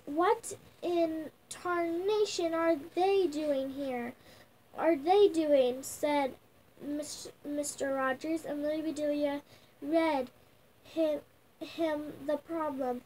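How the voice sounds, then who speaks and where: Slow high-voiced young girl reading aloud. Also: fairly even intonation, a little mellow, a little hiss or hum, rough recording. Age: child. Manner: slow halting reading, sounding out words with restarts. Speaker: young reader. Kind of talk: reading a picture book aloud. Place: at home.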